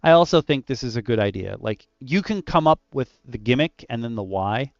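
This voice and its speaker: A man chatting casually about running tabletop adventures, animated and loose, with lots of "like" in his talk. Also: medium pitch, fairly quick, no room sound, muffled recording. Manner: animated and loose, heavy use of "like". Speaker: dungeon master discussing adventure design. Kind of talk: casual roundtable chat.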